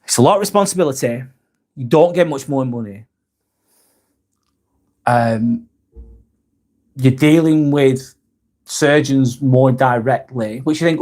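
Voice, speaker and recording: A man's voice: mid-range voice, measured pace, long pauses, a little mellow. Blunt, sweary man. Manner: frank and blunt, swears freely. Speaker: live vlog host. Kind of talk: casual live-stream chat, reading viewer comments.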